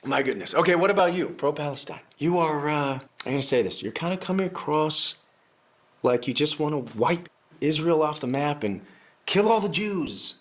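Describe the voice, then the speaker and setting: A man's voice: fairly high pitch, animated, moderate pace, close to an everyday voice. A man playing a sarcastic political strategist in a comedy sketch, who laughs at his own lines. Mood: smug. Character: scheming male political strategist coaching activists.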